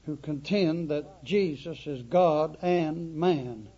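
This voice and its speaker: Slow, husky preacher with a high voice. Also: male voice, dark tone. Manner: emphatic, slow, dramatic repetition. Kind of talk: sermon. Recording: dull lo-fi recording.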